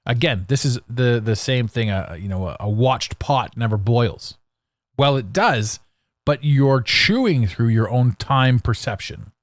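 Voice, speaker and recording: A man hosts his own podcast alone, speaking bluntly with a sarcastic edge and stumbling restarts. His pitch swings widely as he gets worked up. The recording is dry and close, with no room sound. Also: expressive, measured pace, no echo. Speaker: podcast host. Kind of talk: solo podcast monologue.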